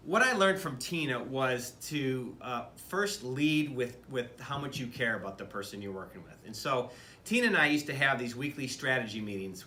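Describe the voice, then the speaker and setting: A man's voice: medium pitch, pushed and bright, a little hiss or hum. Earnest middle-aged man in an echoey room. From Michigan. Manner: conversational, earnest, with frequent fillers and restarts. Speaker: business leader. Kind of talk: speaking to camera about leadership.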